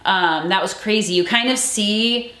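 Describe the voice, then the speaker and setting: A young adult woman co-hosting a movie review show, talking casually, full of fillers and quick restarts. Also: mid-range voice, fairly bright tone. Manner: chatty, peppered with fillers and restarts. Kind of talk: casual chat. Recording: roomy echoey room.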